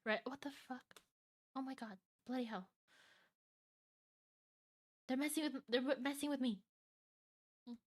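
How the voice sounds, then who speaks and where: A woman streaming live, chatting casually and excitably as she reacts to a video, often restarting her sentences. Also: sits high, a little slow, long pauses.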